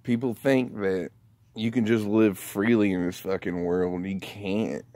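Man ranting to camera, slow drawl, swears constantly and rambles, dry close sound. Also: fairly low pitch, steady tone, dark tone, no echo. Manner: profane, rambling, laughs often. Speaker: vlogger. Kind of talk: casual rant to camera.

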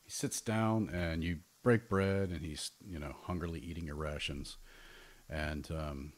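A man running a tabletop game as game master, talking in a halting way with many restarts. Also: rumbling low, steady tone. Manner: halting, full of restarts and fillers.

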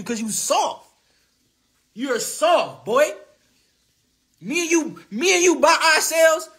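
This young man, a boxer on a social media live stream, mocks rivals over his phone with a very high, fairly bright voice. He's brash and repetitive, laughing in the middle of his taunts.

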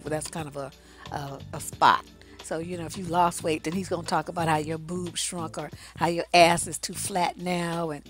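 A woman relationship coach giving blunt, profane, conversational advice straight to her audience. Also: lowish voice. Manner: conversational, addresses the audience directly. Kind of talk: casual advice monologue.

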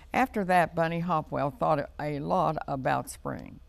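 A man reads a children's storybook aloud, gently and unhurriedly. His voice is deeply gravelly and he takes his time over every phrase. The sound is close and dry. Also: dry recording. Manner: slow, gentle read-aloud delivery.

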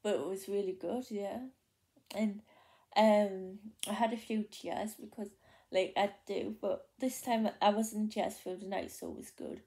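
A young Geordie woman chats to her camera and tells a long story from her day, looping back with plenty of ums, likes and restarts. Her voice is mellow and soft, never sharp. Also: mid-range voice, fairly even intonation, a little slow, vocal fry. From North East England. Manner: rambling, many fillers and restarts. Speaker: vlogger. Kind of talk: casual chatty storytelling.

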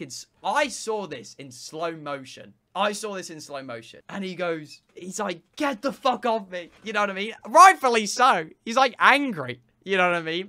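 A seventeen-year-old male streamer telling his chat a story in a rambling, excitable way, with lots of fillers and swearing. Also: high-pitched.

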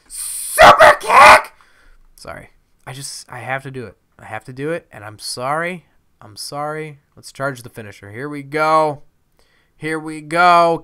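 A man's voice: mid-range voice, bright, forceful tone, smooth. A man commentating over a wrestling video game, playful and jokey, swearing often. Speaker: gaming commentator. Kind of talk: let's play commentary.

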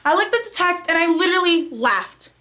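High-voiced teenage girl telling a story. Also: a little fast. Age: teens. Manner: chatty, animated retelling of a text exchange; talks straight to viewers as "guys". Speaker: vlogger. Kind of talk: casual storytime vlog.

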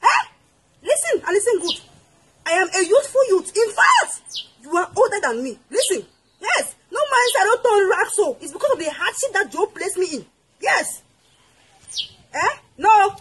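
Woman playing a shrill betrayed Cameroonian wife. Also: big pitch swings, moderate pace, fairly bright tone, slight background noise, exaggerated voice, rough recording. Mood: indignant. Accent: Cameroonian English. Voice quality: shrill, wailing outbursts. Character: loud betrayed wife, dramatic and fiery. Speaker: comedian. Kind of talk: comedy sketch acting.

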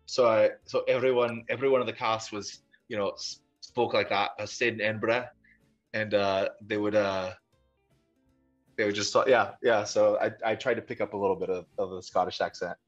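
A man's voice: lowish voice, fairly even intonation, moderate pace, highs cut off, faint music behind. A young man from Ohio, an actor, talking earnestly in a casual interview, rambling with many restarts. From Dover, Ohio, USA. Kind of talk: casual conversation. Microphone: video call.

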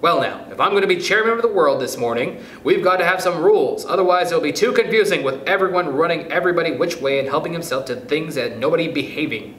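A man's voice: fairly high pitch, animated, fast, few pauses, a bit bright, pitched above the performer's own voice. A man reading a storybook, voicing an earnest, fussy little male mouse who speaks solemnly and lectures. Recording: echoey room, faint background noise.

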